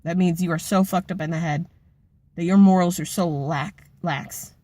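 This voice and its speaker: A woman's voice: on the low side, steady tone, normal speed, dark tone, no echo. Impassioned woman vlogger swearing bluntly, dry sound. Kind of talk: emotional personal vlog rant.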